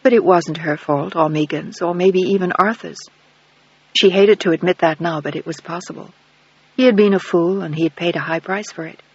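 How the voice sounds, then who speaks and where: A man reads an audiobook in an even, measured way, with a high, husky voice. The recording sounds dull and lo-fi and is completely dry. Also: no echo. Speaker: audiobook narrator. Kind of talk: scripted narration.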